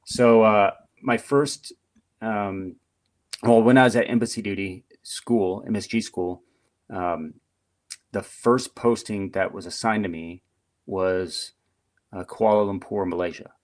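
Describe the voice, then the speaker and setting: A middle-aged man with a fairly low voice tells stories from his service years as a podcast guest. His delivery is chatty and animated, loose with fillers. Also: slow. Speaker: podcast guest, retired Marine. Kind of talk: casual storytelling interview.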